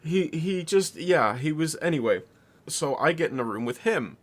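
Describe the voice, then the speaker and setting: Telling a long story in a loose, rambling way, a young adult podcast co-host swears and laughs as he goes. His voice is fairly high and animated, at a normal speed.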